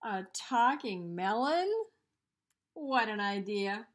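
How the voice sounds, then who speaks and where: A woman reading a storybook aloud, voicing a doubtful, quick-tempered male hippo who talks loud and scoffing. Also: mid-range voice, animated.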